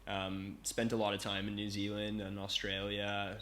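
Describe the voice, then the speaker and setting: A man's voice: fairly low pitch, completely flat delivery, normal speed, a bit bright, slight background noise. A man from Canada, a movement coach guesting on a podcast, talking in a laid-back, easygoing way with plenty of fillers. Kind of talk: casual interview chat. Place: Bali.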